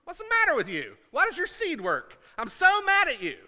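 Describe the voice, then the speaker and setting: A man voicing a furious, jealous woman who rants and complains in a shrill voice. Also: wildly swooping pitch, moderate pace, pushed and bright, full character voice. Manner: ranting, complaining.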